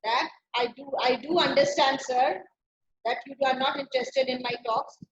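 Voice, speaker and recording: A woman's voice: sits high, steady tone, normal speed. A woman, teaching a play by paraphrasing each line in simple words. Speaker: literature teacher. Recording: dull lo-fi recording.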